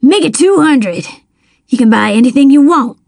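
A woman's voice: high voice, animated, moderate pace, creaky, darkish tone, dry recording, clean studio sound, exaggerated voice. A woman voicing a cold, sly middle-aged male crook in an audiobook, bribing and snarling. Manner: sly, wheedling, then snarling.

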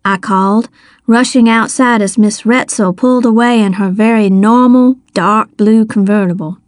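A woman narrating a story in the first person with a measured storytelling delivery. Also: mid-range voice, fairly even intonation, dry recording, clean studio sound. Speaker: audiobook narrator.

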